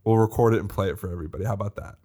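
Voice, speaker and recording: A man's voice: lowish voice, rapid-fire, warm tone. A man co-hosting a podcast in casual chat, rambling and chatty with many fillers and restarts. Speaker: podcast co-host.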